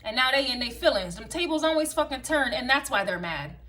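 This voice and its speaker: A woman's voice: high voice, expressive, brisk, pushed and bright. Blunt, profane woman giving a tarot reading. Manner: blunt, profane, sing-song repetitive chanting. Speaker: tarot and astrology reader. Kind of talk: casual collective tarot reading.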